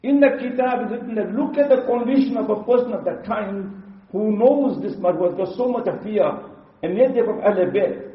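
Guy preaching a sermon, high voice, far off in a roomy hall, kinda muffled. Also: brisk. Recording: distant, echoey, muffled.

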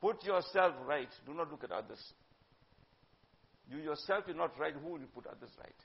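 A man giving a religious talk, emphatic, swinging between loud urging and hushed asides and slipping in Urdu phrases. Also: fairly high pitch, animated, normal speed, gravelly. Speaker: religious teacher. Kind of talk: sermon-style religious talk. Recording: dull lo-fi recording.

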